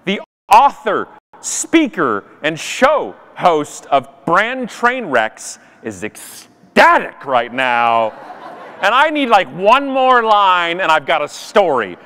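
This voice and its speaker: A man giving an animated, self-deprecating comic talk at a conference. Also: high-pitched, slow, long reverb tail. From Canada. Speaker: conference speaker. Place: conference stage.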